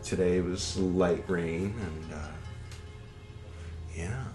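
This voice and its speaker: A man's voice: low voice, fairly even intonation, extremely slow, dark tone, soft background music. A man hosting a podcast, reading an old text aloud and breaking off into casual, irreverent, swearing asides. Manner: irreverent, swears, digressive, mock-dramatic quoting voices. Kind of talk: casual rambling reading commentary. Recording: echoey room with faint background noise.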